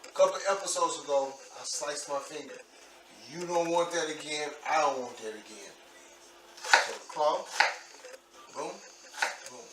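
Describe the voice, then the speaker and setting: A man, casually talking through a home cooking demo, chatty and relaxed, saying "boom" as he chops. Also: measured pace, long pauses, heavy background noise. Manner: chatty, relaxed, says "boom" while chopping. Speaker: home cook vlogger. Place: home kitchen. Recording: echoey kitchen, far from mic, loud frying.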